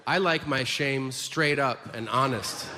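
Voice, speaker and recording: A man's voice: mid-range voice, takes it slowly, bright, forceful tone, long reverb tail, a little hiss or hum. A man doing stand-up comedy, telling profane, exaggerated stories on stage.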